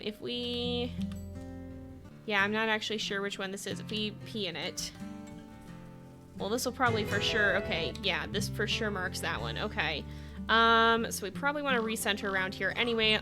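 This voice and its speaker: Woman, gaming streamer, mid-pitched, giggly and chatty, with clear game music behind. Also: moderate pace. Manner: chatty, giggly, talking to her animals on screen. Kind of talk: live game commentary. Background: background game music.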